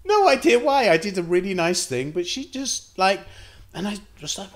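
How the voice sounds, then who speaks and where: A man's voice: high-pitched, sing-song, moderate pace. A man vlogging, telling rambling and profane anecdotes in a casual storytelling style.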